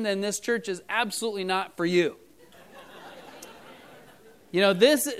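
A man's voice: high voice, fairly bright tone, clean tone. A middle-aged man preaching a casual sermon to his church, talking in a loose storytelling way with many fillers. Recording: church audio recording.

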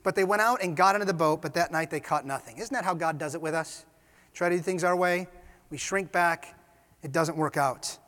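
A man preaching a sermon, retelling scenes with animated storytelling and casual asides. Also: fairly high pitch, fairly quick. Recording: reverberant hall.

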